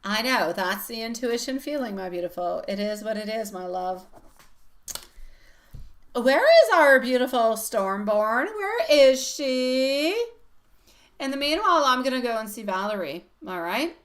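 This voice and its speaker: A woman's voice: fairly high pitch, big pitch swings, a little slow, a bit bright. A woman reading tarot on a live stream, chatty and affectionate, laughing often and calling viewers sweetie pie. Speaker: tarot reader.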